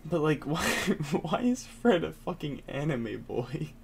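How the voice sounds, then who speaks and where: A man's voice: a little high, big pitch swings, a little slow, creaky, darkish tone, slight background noise. A young man co-hosting a casual pop-culture podcast, rambling loosely and swearing offhand. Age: young adult. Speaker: podcast co-host.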